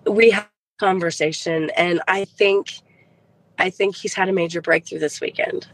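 A woman's voice: fairly low pitch, fairly even intonation, moderate pace, breathy edge, no echo, low-quality recording. A middle-aged woman, a podcast guest, telling a heartfelt personal faith story and retelling conversations along the way.

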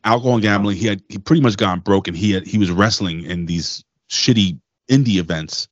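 A man's voice: sits low, a little fast, no echo, highs cut off. Profane, rambling man on a podcast. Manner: loose, profane, rambling storyteller. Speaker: podcast co-host. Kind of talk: casual wrestling podcast chat.

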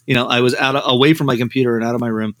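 A man's voice: medium pitch, steady tone, very fast, a bit bright, no room sound. Rambling storytelling man, dry sound. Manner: rambling, heavy on "you know" fillers. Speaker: guest, novelist and screenwriter. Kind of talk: anecdotal podcast storytelling.

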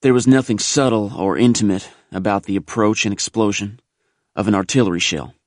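A man reading a first-person war memoir aloud in a measured, grave audiobook narration. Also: on the low side, no echo, studio quality.

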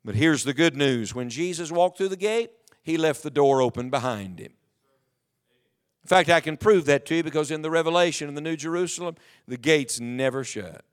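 Preacher guy in a church, high smooth voice, big swings from loud to hushed. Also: moderate pace. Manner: preaching with sweeping swings in volume, dropping to near hush. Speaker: pastor. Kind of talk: sermon. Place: church sanctuary.

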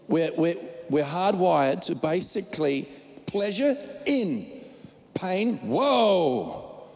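A man preaches from the pulpit with a high, gravelly voice. He is emphatic and jokey and restarts his words often. His voice carries a long reverb from a church hall. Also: very animated, drawn-out words, a little mellow. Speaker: pastor. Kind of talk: sermon.

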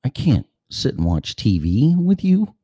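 A man's voice: medium pitch, wildly swooping pitch, a little slow, warm tone, breathy edge, no room sound. A man hosting a show, ranting sarcastically and cursing, now and then acting out other voices. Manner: acts out voices mid-rant. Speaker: show host. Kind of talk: opinion monologue.

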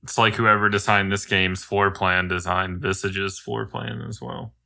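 Low gravelly man, dry sarcastic banter. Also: flat delivery, measured pace, pushed and bright, slight background noise. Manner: dry, sarcastic, crude jokes. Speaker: co-host playing a video game. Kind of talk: casual let's-play banter.

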